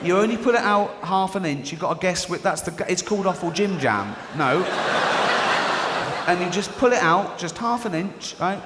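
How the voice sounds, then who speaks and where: A man's voice: sits high, expressive, normal speed. A middle-aged English man performing a stand-up comedy routine, chatty and conversational, checking in with the audience as he goes. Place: large venue with an audience. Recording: reverberant live hall, audience noise.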